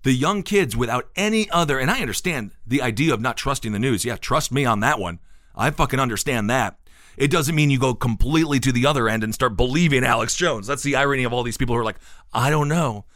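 A man's voice: mid-range voice, fast, fairly bright tone, dry recording, clean studio sound. A man hosting a casual podcast chat, talking in a sarcastic, cynical way. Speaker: podcast host.

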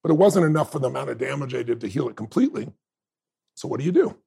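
Rapid-fire and warm, this gravelly, husky podcast guest in his fifties recounts a personal story with lively intonation in a mid-range voice. He brings energy to the conversation, performing quoted dialogue and laughing frequently.

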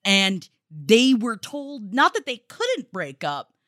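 A woman's voice: on the high side, big pitch swings, takes it slowly, fairly bright tone, no room sound, clean studio sound. A woman co-hosting a podcast, chatting casually and animatedly, sometimes swearing. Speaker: podcast co-host. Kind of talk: casual chat.

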